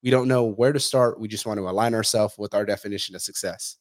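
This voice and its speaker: A man's voice: lowish voice, steady tone, fast, dry recording, clean studio sound. A man hosting a podcast in casual chat, blunt, swearing freely and saying "bro" and "dude". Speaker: podcast host.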